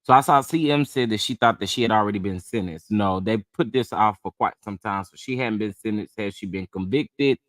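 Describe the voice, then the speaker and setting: A man's voice: lowish voice, a little fast, few pauses, a bit bright, no room sound. Male livestream host, slightly sick, chatty and drawling, dry close-mic sound. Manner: chatty, greets viewers by name, drawling asides. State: under the weather. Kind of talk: casual live chat.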